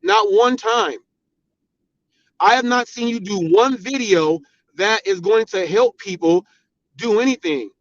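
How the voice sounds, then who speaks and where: A high-pitched American man hosts his own channel and fires off a heated commentary, hammering the same points again and again. His voice sits dry and close in a muffled, lo-fi recording. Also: lively intonation, measured pace, long pauses, dry recording. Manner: confrontational, repetitive, emphatic. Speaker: channel host. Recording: dull, dry lo-fi sound.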